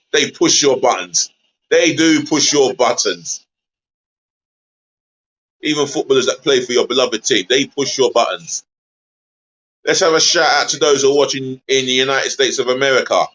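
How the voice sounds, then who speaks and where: In a mid-range voice with the highs cut off, a man runs a live football watch-along stream. He's chatty, easily exasperated, and gives viewers shout-outs.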